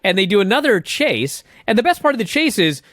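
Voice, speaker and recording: A man talks casually on a podcast, retelling a scene with animated energy and the occasional swear word. His voice sits high and swoops up and down a lot. The sound is close and dry, with no room around it. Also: brisk, no room sound. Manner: animated storyteller, swears, laughs. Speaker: podcast co-host. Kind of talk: casual chat recapping wrestling.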